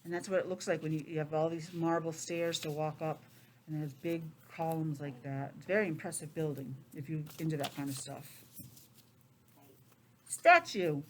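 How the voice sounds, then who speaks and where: A middle-aged woman teacher in a classroom, reading aloud to young children with lively, chatty asides. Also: lowish voice. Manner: chatty, expressive, drifts into personal asides. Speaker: preschool teacher.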